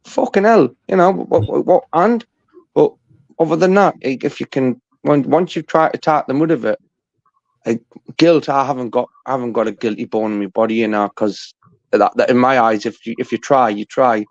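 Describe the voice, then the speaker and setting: Gravelly man on a dull dry call line. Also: mid-range voice, moderate pace, no echo. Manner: blunt, crude, teasing. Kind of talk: casual chat.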